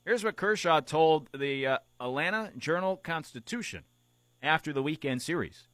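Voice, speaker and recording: A man's voice: a little high, expressive, normal speed, a bit bright, dry recording. A man hosting a sports talk show, musing aloud in a casual, conversational way and reaching for everyday analogies. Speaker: sports radio host.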